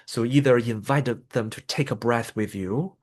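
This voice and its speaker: Man explaining calm de-escalation steps. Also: normal speed. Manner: explanatory, acts out example scripts with raised pitch. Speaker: trainer. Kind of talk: professional development lecture.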